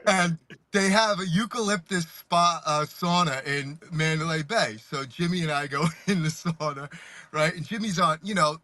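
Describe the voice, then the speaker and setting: A male podcast host telling stories in casual chat, laughing as he goes and shouting when he re-enacts them. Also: on the high side, moderate pace, no echo.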